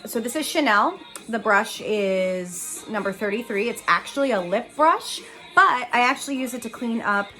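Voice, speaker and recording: A woman's voice: a little high, animated, normal speed, pushed and bright, soft background music. A young woman talking casually through a makeup tutorial, chatty, giggly and self-deprecating. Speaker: Broadway actress doing a makeup tutorial.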